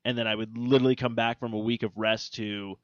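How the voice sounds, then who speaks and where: A man's voice: lowish voice, little pitch movement, fast talker, dry recording. Man, podcast host, casual chat, rambling, profane storytelling, dull dry recording.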